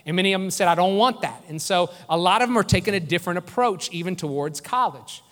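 A man's voice: high-pitched, animated, fast talker, fairly bright tone, in a large hall. A man preaching a sermon as pastor, earnest and conversational, often restarting his phrases.

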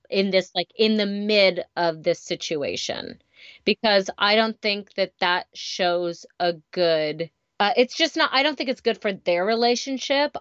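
A woman's voice: medium pitch, a bit bright, dry recording. A woman, a parent and teacher, chatting candidly in a casual conversation and telling stories about home and work. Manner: candid, storytelling, chatty with fillers. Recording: slightly dull lo-fi sound.

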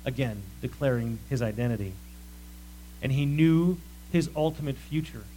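A man preaching a sermon that walks through scripture, talking in a lively, conversational way and asking many rhetorical questions. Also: medium pitch, moderate pace, a little hiss or hum, low-quality recording.

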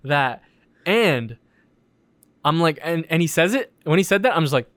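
A young man telling animated stories in a casual podcast chat, swearing often and acting out what people said. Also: on the high side, normal speed, pauses often, dry recording. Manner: animated storytelling, swears a lot, acts out quotes.

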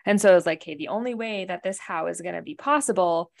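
A Canadian woman co-hosts a podcast, talking fast in a lowish, gravelly voice. She rambles through a story in casual chat, sprinkling in plenty of "like" and "right?".

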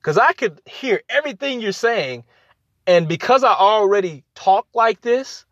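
A podcast host with a slightly high male voice gives relationship advice in a loose, casual way, repeating phrases for emphasis and breaking into quick acted-out exchanges. The recording is dry and slightly muffled, with no room sound.

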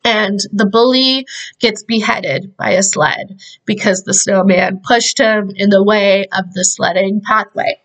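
A woman's voice: medium pitch, fairly even intonation, measured pace, low-quality recording. A young woman hosting a podcast, casually recapping a movie in a chatty, profane way, with lots of "like". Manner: chatty, profane, heavy use of "like". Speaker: podcast host.

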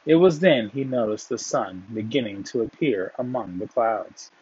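A man reading a folk tale aloud in a gentle storytelling way, now and then restarting a phrase. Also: mid-range voice, animated, normal speed, breathy edge. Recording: dull, dry, lo-fi.

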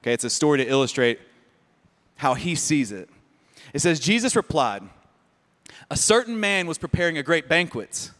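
A male pastor preaching a lively sermon, joking and sarcastic, often repeating words. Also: fairly high pitch. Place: church sanctuary. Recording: long reverb of a church hall.

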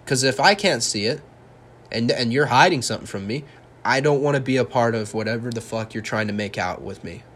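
A man's voice: mid-range voice, brisk, a bit bright. A young man hosting a solo podcast, ranting heatedly and sarcastically, swearing a lot. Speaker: podcast host.

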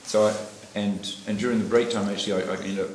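A middle-aged interviewee from New Zealand speaks fast and steadily in a fairly low voice, telling his life story over a meal. Rambling, laughing often, and full of fillers and restarts, he's recorded in an echoey dining room with loud dish clatter and a little hiss or hum.

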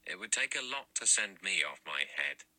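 A man's voice: low-pitched, sing-song, normal speed, pushed and bright, heavily acted, low-quality recording. A man reading an audiobook voices a blunt, cynical ex-police inspector with dry, emphatic delivery.

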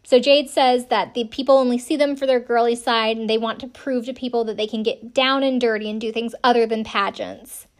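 Chatty woman with a fairly high voice. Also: fairly even intonation, a little fast, few pauses. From South Carolina, USA. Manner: chatty, wry and self-deprecating, with frequent "um" and "like". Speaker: podcast host recapping a TV episode. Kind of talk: casual chat.

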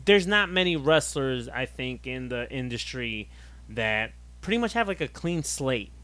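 A man's voice: mid-range voice, big pitch swings, measured pace, a bit bright. Laid-back male podcast co-host. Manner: laid-back, matter-of-fact, hesitant fillers. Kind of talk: casual wrestling podcast chat.

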